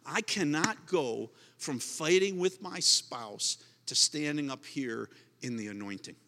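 Male pastor, emphatic sermon delivery, high bright voice, reverberant hall. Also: expressive, measured pace. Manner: emphatic, repetitive preaching with restarts.

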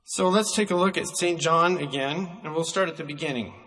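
A man preaching a sermon, emphatic and slowing down to stress single words, recorded in a church hall. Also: fairly high pitch, fairly bright tone, faint music behind.

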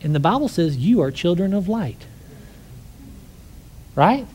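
Man preacher, warm mellow tone, conversational sermon, animated storytelling, rhetorical questions. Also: high voice, a little slow, a little hiss or hum.

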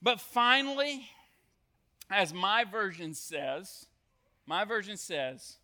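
A man preaching a sermon to students, telling a story in an animated way with jokes and asides. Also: high-pitched, takes it slowly, pauses often. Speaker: youth pastor.

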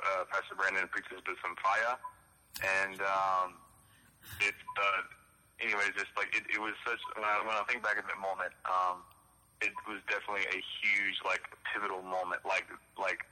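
A man's voice: sits low, pushed and bright. A man in his twenties from Louisiana, giving a hesitant testimony over a speakerphone call, full of fillers and restarts. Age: 20s. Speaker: former youth group member on a phone call. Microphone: phone on speaker. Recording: tinny phone line in a hall.

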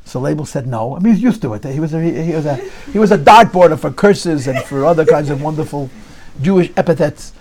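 A man telling a Chassidic story to an audience in an animated, repetitive storytelling manner. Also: on the high side, quick pace, a crowd in the background. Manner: animated storyteller, repeats phrases, drops into Yiddish.

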